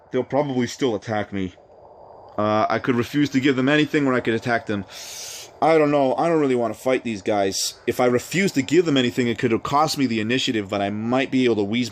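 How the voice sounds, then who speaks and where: A man doing let's play commentary, thinking out loud and reading the game's text aloud in a chatty way. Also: mid-range voice, a little fast, a little hiss or hum. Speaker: game streamer.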